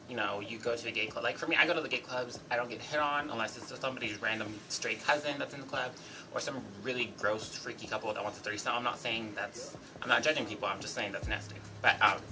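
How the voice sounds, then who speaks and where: A man's voice: medium pitch, gravelly, low-quality recording. A young American man with a faint English lilt that slips in and out, ranting casually in a chatty, sassy way. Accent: American with a slight fading English lilt. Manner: chatty, sassy, with many "like"s and "you know"s. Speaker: regular member of a group vlog channel. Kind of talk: casual rant vlog.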